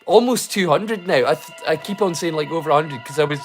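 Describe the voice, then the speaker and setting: A man's voice: a little high, a little fast, soft background music. A man from Scotland hosting a livestream, drunk and rambling, swearing casually and putting himself down. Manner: rambling, swearing, self-deprecating. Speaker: livestream host.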